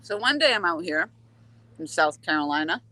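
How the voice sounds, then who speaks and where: A woman talks casually to her live-stream viewers while fishing from a dock on a waterway. Her voice is bright and forceful, and she keeps up a chatty, easygoing patter, coaxing the fish between comments. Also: on the low side, expressive, normal speed, a little hiss or hum, low-quality recording. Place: outdoors by a dock on a coastal waterway.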